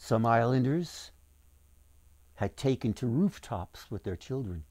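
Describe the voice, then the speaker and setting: A man's voice: medium pitch, expressive, unhurried, darkish tone, no room sound. A man as author reading his own storybook aloud, with acted voices for the characters.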